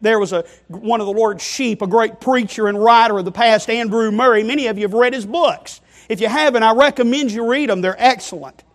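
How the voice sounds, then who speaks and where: A man with a high voice preaches a sermon, talking a little fast with few pauses. He speaks emphatically, calls his listeners friend and child of God, and poses rhetorical questions.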